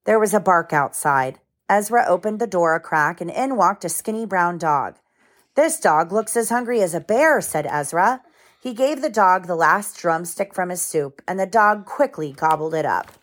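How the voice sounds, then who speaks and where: A woman's voice: on the low side, expressive. Mother reading a picture book aloud. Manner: pauses to explain the story to children in plain words. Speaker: mother reading to her children.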